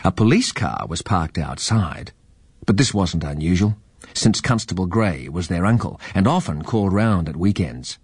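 A man reading a children's story aloud in a lively, expressive way. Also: sits low, moderate pace, breathy edge, no echo.

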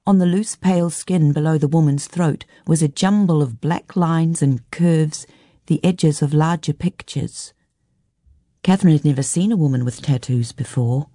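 A woman narrating a novel as an audiobook in a steady, measured way. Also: deep voice, no echo, studio quality.

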